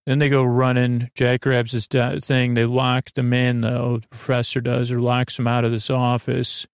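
A man recaps a show for a sleep podcast in a drowsy, meandering, deadpan ramble. His voice is gravelly with a touch of fry. The sound is dry and close. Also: mid-range voice, moderate pace, dry recording. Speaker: podcast host.

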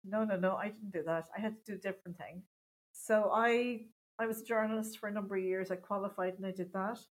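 A middle-aged Irish woman, a stand-up comedian chatting in an interview, self-mocking and quick to laugh. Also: mid-range voice, steady tone, poor audio. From Ireland. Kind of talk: casual interview chat.

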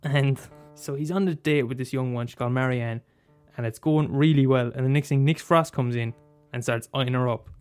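A man's voice: medium pitch, steady tone, moderate pace, few pauses, a little mellow, smooth, soft background music. A man talking casually about a favourite film, rambling and restarting, swearing and laughing as he goes. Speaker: film commentator. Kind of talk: casual monologue.

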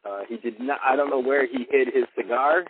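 A man's voice: mid-range voice, brisk. A man retells a film's plot casually, leaning on "like" as he talks it through. His voice sits mid-range. It comes through a tinny, phone-like line with a faint hiss underneath. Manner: chatty retelling, heavy use of like. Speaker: podcast co-host.

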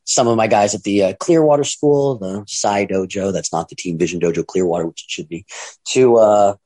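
A man's voice: on the low side, fairly quick, mellow, dry recording. A middle-aged man, a wrestling promoter and trainer, telling a long casual story in a rambling way and acting out the voices of the people in it. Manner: rambling, acts out quoted voices.

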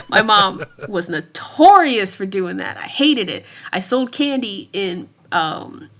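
A woman's voice: mid-range voice, big pitch swings, takes it slowly, fairly bright tone. A woman in her thirties chatting casually as a podcast guest, laughing often between her thoughts. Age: 30s. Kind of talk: casual chat.

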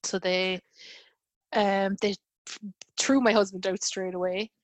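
A woman's voice: medium pitch, steady tone, takes it slowly, no room sound. A woman in her thirties telling a personal story in casual conversation, with lots of fillers and quoted dialogue.

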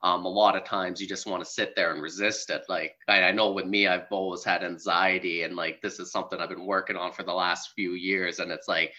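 A man's voice: deep voice, level tone, a little fast, few pauses, sharp tone. A young man hosting a casual spiritual chat, rambling with many "like"s and easy laughs. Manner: rambling, heavy use of "like", laughs easily. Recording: dull lo-fi sound.

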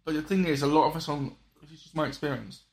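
A man's voice: on the high side, fast. A man in casual conversation, rambling and restarting his sentences with frequent apologetic asides. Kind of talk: casual political chat.

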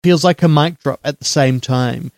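A man's voice: fairly high pitch, dry recording. Sex: man. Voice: dry, chatty podcast host. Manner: chatty, quick asides and jokes. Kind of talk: casual film discussion.

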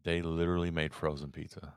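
A man's voice: rumbling low, flat delivery, fast, smooth, no echo, clean studio sound. A man co-hosting a podcast, chatting casually in an easygoing, teasing way. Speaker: podcast co-host. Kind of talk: casual chat.

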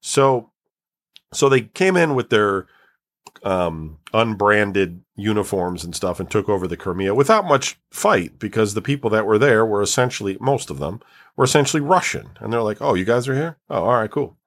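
A man's voice: on the low side, lively intonation, normal speed, a bit bright. A man talking in a casual, rambling way, with many fillers and restarts as he explains things at length. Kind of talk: casual chat.

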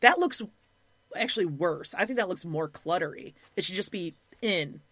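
A woman co-hosting a podcast, recapping a reality show in casual chat, animated and blunt, swearing freely and acting out other people in quick impressions. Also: on the low side, dry recording. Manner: animated, mimics people in quotes, blunt and profane. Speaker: podcast co-host.

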